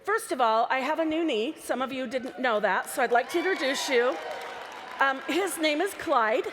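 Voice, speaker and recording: A woman's voice: high-pitched, animated, moderate pace, background noise. A woman giving a chatty, playful live talk from a stage microphone to a large convention crowd. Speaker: convention speaker. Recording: live hall sound with reverb.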